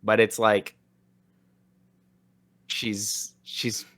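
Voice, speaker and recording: A man's voice: lowish voice, monotone, very slow, fairly bright tone. A young man co-hosting a podcast, chatting casually and rambling with lots of restarts and fillers. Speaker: podcast co-host. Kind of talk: casual chat.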